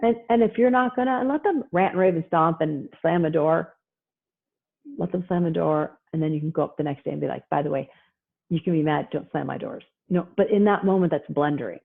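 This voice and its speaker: A woman presenting on parenting in a casual talk over a video call, chatty and acting out parents and kids in quick asides. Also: low-pitched, vocal fry. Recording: tinny phone-like line.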